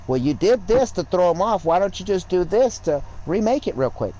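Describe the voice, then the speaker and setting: High-voiced man ranting profanely. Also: big pitch swings, normal speed, mellow, low-quality recording. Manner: profane, rambling, lecturing. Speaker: gaming streamer. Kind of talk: casual livestream rant.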